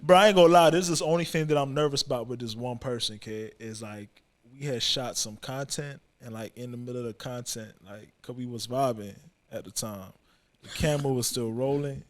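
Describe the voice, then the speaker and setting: A man co-hosting a podcast in a studio, talking in loud, animated, profane banter with his friends. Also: medium pitch, fairly quick. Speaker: podcast co-host. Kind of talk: casual chat. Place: recording studio.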